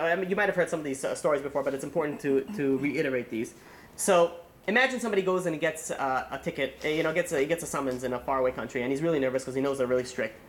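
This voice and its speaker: A man's voice: a little high, a little hiss or hum. A man, a rabbi, giving a holiday sermon in a casual storytelling way, acting out the characters' lines.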